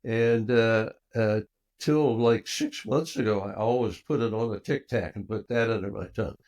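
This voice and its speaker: A man's voice: normal speed, highs cut off. An older man, a guest on an interview show, telling a personal story and acting out the dialogue with big swings in voice. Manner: animated storyteller who acts out dialogue with big swings in pitch and loudness.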